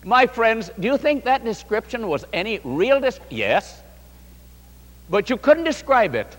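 A man's voice: very high voice, a little slow, long reverb tail. A man preaching a sermon, telling stories and speaking directly to the congregation. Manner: animated storytelling, addresses the congregation.

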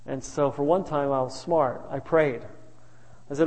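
A man's voice: on the high side, fairly even intonation, measured pace, a little mellow. A male pastor telling stories in a sermon, humorous and anecdotal with chuckling asides. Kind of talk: sermon storytelling. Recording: reverberant hall.

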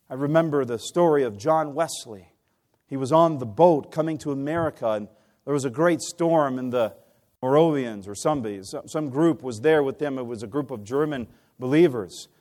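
A man delivers a sermon in a voice that sits a little high for a man. He moves between soft, drawn-out appeals and loud storytelling, often stopping to put questions to his listeners. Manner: impassioned, swings from hushed to loud, asks the congregation questions. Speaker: preacher.

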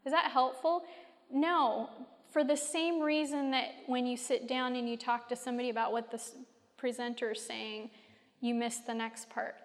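A woman with a high voice leads a faith-based class in a casual, conversational way, asking her listeners question after question. Her words ring out with a long reverb, as if spoken in a large hall. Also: fairly even intonation, moderate pace. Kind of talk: faith-based teaching talk.

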